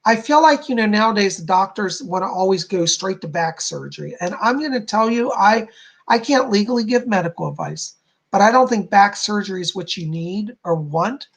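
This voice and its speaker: A man's voice: high-pitched, lively intonation, normal speed, creaky. A man hosting a live stream, giving chatty, reassuring psychic readings and addressing viewers by name. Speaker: psychic medium, stream host.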